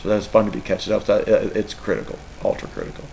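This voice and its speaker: A middle-aged man with a lowish, gravelly voice talks as a football coach at a press session. He rambles and gets emotional, and a faint room ambience sits behind him. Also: little pitch movement, racing, darkish tone, a little hiss or hum, poor audio. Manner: emotional, rambling, tearful at times. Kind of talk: press conference answers.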